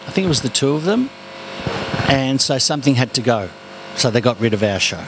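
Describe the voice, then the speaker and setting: Animated comedian, noisy background. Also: male voice, mid-range voice, fairly quick. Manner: animated storyteller, slips into comic voices. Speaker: guest comedian. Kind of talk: casual interview chat.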